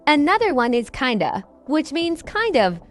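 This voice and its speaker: High, lively woman teaching English. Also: moderate pace, soft background music. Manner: upbeat, explains phrases with examples. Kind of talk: scripted podcast lesson.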